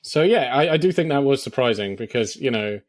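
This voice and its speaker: A mid-pitched man talks through a film with animated energy, stumbling over fillers and jumping into quoted lines. The recording is close and dry. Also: a little fast, no echo. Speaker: podcast co-host. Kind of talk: casual film discussion.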